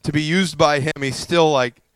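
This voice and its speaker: A male pastor telling a story in a sermon, animated and self-deprecating, acting out what others said to him. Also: fairly high pitch, normal speed, smooth, no room sound.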